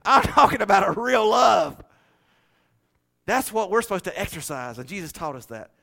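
A middle-aged man preaching a sermon, telling folksy stories in an animated way and laughing often. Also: high-pitched, normal speed, gravelly.

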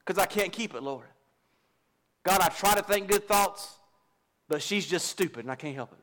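A man's voice: sits high, moderate pace, a bit bright. A middle-aged man, a pastor preaching a folksy, confessional sermon and joking with his congregation. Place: church.

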